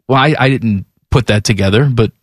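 A man's voice: medium pitch, a little fast, dry recording, studio quality. Wisecracking man in his forties. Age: 40s. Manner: wisecracking, irreverent. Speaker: sports radio host. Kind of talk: casual radio banter. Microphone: studio microphone.

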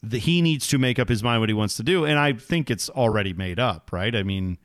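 A man co-hosting a sports podcast, chatting casually and getting animated when exasperated. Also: on the low side, a little fast, no room sound, studio quality. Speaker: podcast co-host.

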